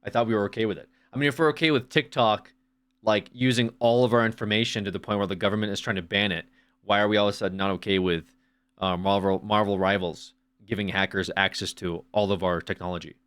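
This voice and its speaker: Streamer dude ranting, sarcastic, swears a lot, rambles off on tangents. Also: male voice, lowish voice, steady tone, fast talker, a bit bright, clear, resonant tone. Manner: sarcastic, profane, rambling asides. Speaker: streamer reacting to videos. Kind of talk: casual sarcastic rant.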